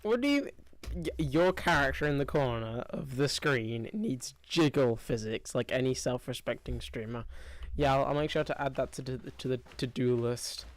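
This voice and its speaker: A man's voice: mid-range voice, normal speed, dry recording. A man streaming a game live, chatting to himself and humming as he plays. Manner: chatty, talks to himself while playing, hums.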